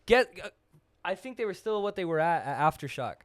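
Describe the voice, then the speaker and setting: A young man with a high voice tells a story on a podcast with animated, chatty energy. He fills his talk with "like" and acts out other people's voices as he goes. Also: brisk. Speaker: podcast host. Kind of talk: casual storytelling chat.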